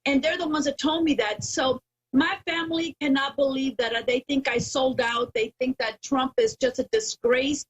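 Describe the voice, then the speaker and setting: A woman's voice: sits high, fairly even intonation, moderate pace, poor audio. A woman with a Mexican Spanish accent, Spanish her first language, speaking as a guest in a casual interview, emphatic and proud, repeating her key phrases. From Texas border town, first generation Mexican. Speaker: guest, political activist.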